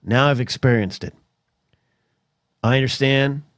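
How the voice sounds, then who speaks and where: A man's voice: medium pitch, measured pace, dry recording. Ranting American man, dry close mic. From United States. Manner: animated, swears, restarts and stammers, mock voices. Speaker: solo podcast host. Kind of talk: rambling comedic rant.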